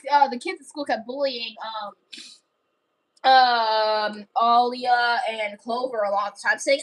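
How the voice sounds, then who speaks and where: A woman's voice: on the high side, steady tone, unhurried, poor audio. A woman livestreaming, telling a story in a rambling, casual way full of fillers and restarts.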